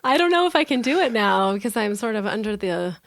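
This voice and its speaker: A woman in her thirties co-hosting a podcast in a relaxed, chatty way, giggling often and breaking off into quick asides. Her voice sits at a middle pitch and is recorded close and dry, with no room sound. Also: creaky, no room sound. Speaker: podcast co-host. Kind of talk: casual podcast chat.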